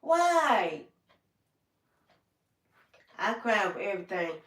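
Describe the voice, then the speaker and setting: A woman's voice: medium pitch, unhurried, echoey room, distant mic. An older woman hosting a livestream, talking in a folksy, heartfelt way and speaking straight to her viewers by name. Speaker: livestream host. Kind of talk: casual livestream chat with viewers.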